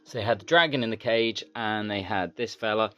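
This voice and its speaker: A man's voice: lowish voice, fairly quick, pushed and bright, smooth. A man, a toy collector, showing off his finds in a casual, rambling vlog. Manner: rambling, easygoing show-and-tell.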